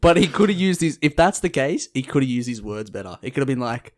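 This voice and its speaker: A young man co-hosting a podcast, telling a pub anecdote in a relaxed, casual way and acting out the people in it. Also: medium pitch, fast talker. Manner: laid-back storytelling, acts out the people in his anecdotes. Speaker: podcast co-host. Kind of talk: casual chat.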